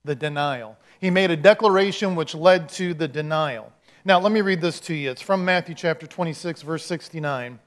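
Higher-voiced man preaching conversationally. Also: moderate pace. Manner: conversational storytelling, acting out quotes. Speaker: pastor. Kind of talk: sermon.

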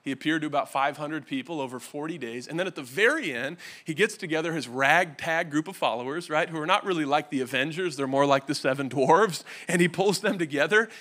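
Bright-voiced joking pastor preaching to a church. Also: male voice, a little high, brisk, hardly any pauses. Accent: Californian American. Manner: joking, conversational, asks the crowd questions. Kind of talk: humorous sermon. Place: church stage.

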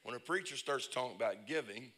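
A man preaching a lively, humorous sermon, telling stories and breaking into shouts. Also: mid-range voice, quick pace. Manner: animated storyteller, bursts into shouts and laughs. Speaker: pastor. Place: church conference service.

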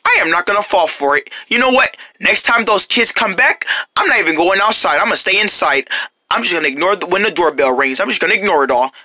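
A woman's voice: expressive, quick pace, sharp tone. A woman voicing a grumpy grown man next door who mutters and brushes off children. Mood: grumbling. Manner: low, muttering, dismissive. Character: grumpy grown-up male neighbor who wants quiet.

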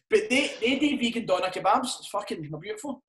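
A man's voice: very high-pitched, fairly bright tone. A Scottish man and comedian chatting casually on a podcast, swearing a lot and laughing through his stories. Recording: roomy echo.

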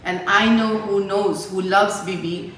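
A woman from India giving an emotional farewell speech to a host family, halting and heartfelt, with many fillers. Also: medium pitch, fairly even intonation, a bit bright. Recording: echoey, from a distance, faint noise.

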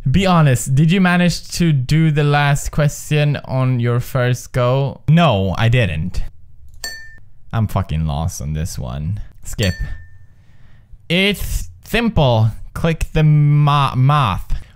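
A young man talks through a frustrating quiz game in a slow, drawling way, then jumps high and loud when a question catches him out. He swears and laughs constantly, his voice lively and all over the place. A faint background hiss sits under the recording. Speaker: gaming video host. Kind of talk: let's play commentary.

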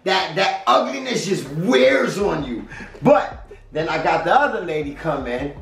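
A man's voice: on the high side, very animated, measured pace, vocal fry, a bit bright. A man in his fifties talking casually to his vlog audience, upbeat and preachy, acting out little quoted exchanges. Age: 50s. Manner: upbeat, preachy pep talk with acted-out quotes. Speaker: vlogger. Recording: roomy, a bit distant, music behind.

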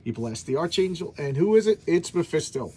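A man's voice: fairly high pitch, very animated, fairly quick, darkish tone, breathy edge. A man casually reviewing an old comic, rambling with many restarts. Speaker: comic book collector vlogger.

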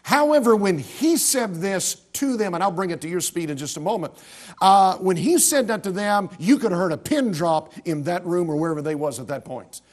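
A man's voice: high voice, expressive, moderate pace. A man preaching a sermon in a church with an American accent, speaking emphatically in rising bursts and often restarting his sentences. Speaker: pastor. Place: church sanctuary.

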